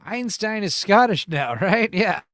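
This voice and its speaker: A man's voice: high voice, expressive, unhurried, a bit bright. A man hosting a comedy podcast, making sarcastic, mocking remarks about the videos he watches. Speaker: podcast host. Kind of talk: casual comedic riffing.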